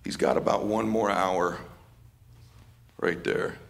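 A man's voice: low voice, steady tone, takes it slowly, creaky. A man giving a live motivational speech at an event, fervent and repeating phrases for emphasis. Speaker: motivational speaker.

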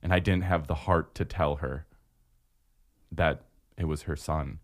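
A man's voice: very deep voice, steady tone, unhurried, pitched below the performer's own voice. A man quoting a middle-aged construction manager father in a casual retelling voice. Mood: gentle.

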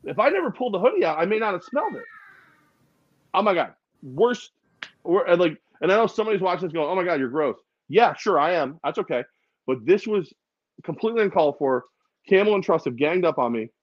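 A man co-hosting a podcast, telling funny stories in a casual, animated way and sometimes putting on voices. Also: high voice, brisk, no room sound, dull audio. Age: adult with a daughter. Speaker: podcast co-host. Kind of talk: casual chat.

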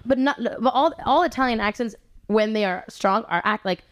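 A woman's voice: fairly high pitch, moderate pace. A young woman chatting casually as a podcast guest, full of "like" fillers and restarts, swearing freely.

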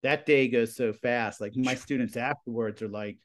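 A man in his forties, a high school TV production teacher, telling stories in a casual interview with lots of fillers. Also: steady tone, moderate pace. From Pennsylvania. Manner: rambling, filler-heavy storytelling with lots of "you know" and "like".

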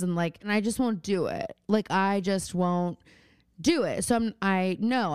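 A woman's voice: on the low side, clean tone, no room sound, studio quality. A woman co-hosting a podcast, telling a family story in casual chat, full of "like" and "um". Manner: animated storytelling, lots of "like" and "um". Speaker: podcast co-host.

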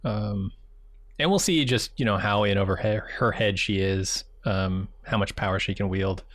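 A man co-hosting a casual TV recap podcast, summarizing the plot in a plain, steady way. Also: on the low side, moderate pace, no room sound, clean studio sound. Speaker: podcast co-host.

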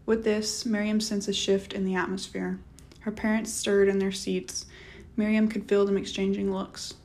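A woman narrating an audiobook novel in a measured, steady reading. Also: mid-range voice. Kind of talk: scripted narration.

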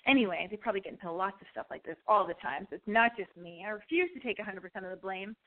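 A woman hosting a call-in show, telling a profane story in an animated, ranting way. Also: mid-range voice, very fast. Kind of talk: call-in radio monologue. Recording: tinny phone-like sound.

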